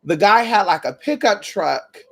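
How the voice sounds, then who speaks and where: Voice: mid-range voice, animated, unhurried, vocal fry, husky. A spiritual content creator in casual, profane chat, telling stories straight to viewers with frequent "girl", "honey" and "y'all".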